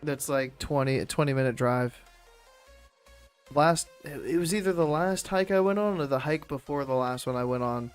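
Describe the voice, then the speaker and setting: A man's voice: fairly high pitch, moderate pace, smooth, soft background music. A man streaming a game and chatting casually, rambling and laid-back, swearing freely and laughing often. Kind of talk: casual chat while gaming.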